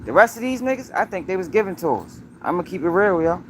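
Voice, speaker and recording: Fast, very animated, and fairly bright in tone, this high-pitched male voice comes with a little hiss or hum behind it. He runs his own news commentary livestream, hammering points again and again and addressing viewers directly.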